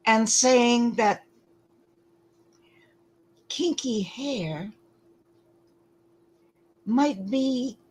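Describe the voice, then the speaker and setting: A woman giving lecture-style commentary, deliberate and emphatic, often pausing to ask rhetorical questions. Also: on the high side, a little mellow, rough recording.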